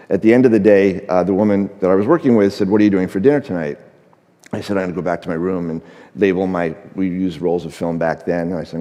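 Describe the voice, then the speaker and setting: A middle-aged man with a fairly low voice tells a story on a conference stage, acting out each line of dialogue between fillers. His tone is mellow and relaxed. The sound carries the long reverb of a big hall. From United States. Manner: anecdotal, acts out dialogue, frequent fillers. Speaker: conference speaker, photographer. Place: large conference stage before an audience.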